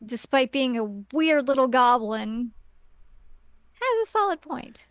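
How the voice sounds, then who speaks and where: A woman's voice: sits high, very animated, a little slow, clear, resonant tone, no echo, studio quality. A woman co-hosting a podcast, chatting casually about an episode with quips and playful sound effects. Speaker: podcast co-host. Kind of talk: casual episode recap chat.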